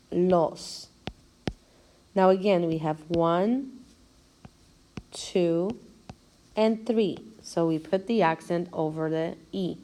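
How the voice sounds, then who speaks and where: Slow, mellow-voiced woman teaching a lesson. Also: on the low side, a little hiss or hum. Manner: slow, careful explanation, spelling out syllables. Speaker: language teacher. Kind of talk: recorded video lecture.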